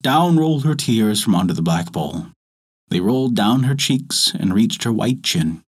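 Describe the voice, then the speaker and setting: Guy reading a folktale aloud, husky, really expressive up and down pitch. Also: normal speed. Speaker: storyteller. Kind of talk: scripted folktale narration.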